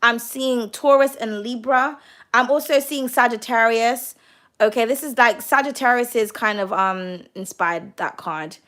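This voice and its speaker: A woman's voice: fairly high pitch, unhurried, a bit bright. A young woman giving a casual tarot reading. She chats freely, keeps calling the listener "darling" and swears without holding back. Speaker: tarot card reader.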